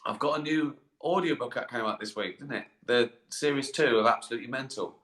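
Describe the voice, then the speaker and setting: A sleepy middle-aged man rambles and swears through a casual live stream, chuckling as he goes. His voice is bright and forward. The sound bounces around a tiled bathroom. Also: mid-range voice, brisk. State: tired and sleepy. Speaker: comedian hosting a live stream. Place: in a bath, bathroom. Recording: echoey bathroom.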